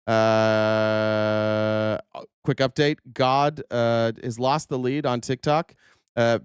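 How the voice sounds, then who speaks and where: A man hosting a political commentary livestream, his voice smooth and resonant in a dry, close-miked sound. He talks sarcastically and curses freely, with frequent "uh" fillers and restarts. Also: mid-range voice, no echo. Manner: sarcastic, profane, filler-heavy. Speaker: livestream host.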